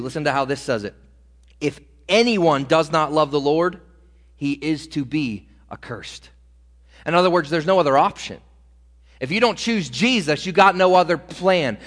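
A male preacher delivering a sermon, slowing down to stretch and stress key words. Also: a little high, fairly bright tone. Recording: reverberant hall.

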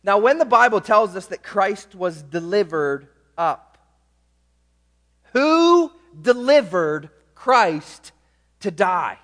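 High-voiced man preaching in a reverberant hall. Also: expressive, a little slow, pushed and bright. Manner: emphatic, stretches key words, asks the congregation "right?". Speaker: pastor. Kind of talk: sermon.

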